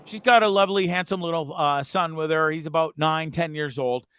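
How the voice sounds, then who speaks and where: Bright, lively bro storyteller guy. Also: a little high, a little fast, smooth, no room sound. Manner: animated, laughing, bro-ish banter. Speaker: host. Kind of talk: casual storytelling chat.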